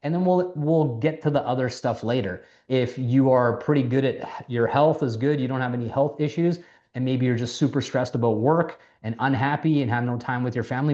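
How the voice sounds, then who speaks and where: A man casually coaching people on sales, lively, acting out quoted conversations, and swearing now and then. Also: mid-range voice, fairly quick, lo-fi sound. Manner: animated, acts out quoted dialogue, swears casually. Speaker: mentor teaching sales.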